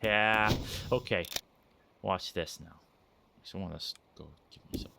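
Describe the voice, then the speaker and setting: Deep-voiced man, playful game commentary. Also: normal speed, creaky, heavy background noise. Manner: playful, chatty, putting on silly voices. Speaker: game streamer. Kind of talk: casual let's-play commentary.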